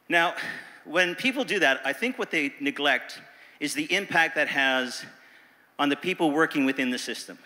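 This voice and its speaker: A lively, engaging man from Nova Scotia talking on a conference panel. His voice sits fairly high and sounds bright. A long hall reverb trails behind him. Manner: lively, engaging, crowd-working. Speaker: panelist, teachers' union president. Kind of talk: panel talk.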